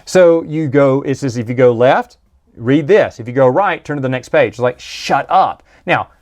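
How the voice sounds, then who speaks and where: A man's voice: mid-range voice, normal speed, a little mellow. A man giving a casual, rambling book review, full of restarts and asides. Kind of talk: casual monologue.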